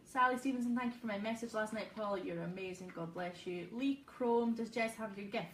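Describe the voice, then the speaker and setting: A woman co-hosting a casual live stream at home, briskly reading out viewer comments with a teasing manner. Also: mid-range voice. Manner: brisk, teasing, reads names and comments aloud. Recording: roomy echo, voice a bit far from the mic, faint background hiss.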